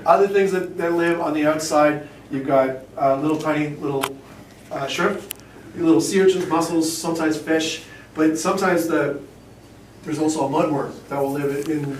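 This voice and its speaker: A man who shucks oysters, giving a rambling, jokey hands-on talk to shop staff and acting out little quotes as he goes. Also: fairly high pitch. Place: fish shop, indoors. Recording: roomy, distant camera, faint hum.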